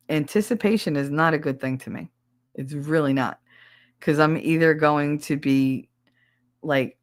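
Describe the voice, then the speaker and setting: Gravelly, blunt woman streamer. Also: low voice. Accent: thick regional American. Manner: blunt, profane, confiding. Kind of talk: casual livestream chat.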